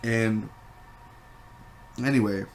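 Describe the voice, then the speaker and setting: A man giving a casual spoken movie review, rambling and animated, with many fillers and restarts. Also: on the low side, drawn-out words, a little hiss or hum.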